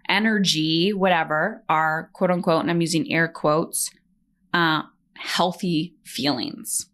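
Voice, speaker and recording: A middle-aged woman hosting her own podcast as a coach, talking bluntly with lots of emphatic repetition and casual swearing. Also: fairly low pitch. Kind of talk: motivational solo podcast talk.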